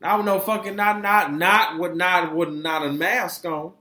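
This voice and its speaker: Animated profane man ranting in an echoey room. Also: sits high, measured pace. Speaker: podcast co-host. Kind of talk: casual chat.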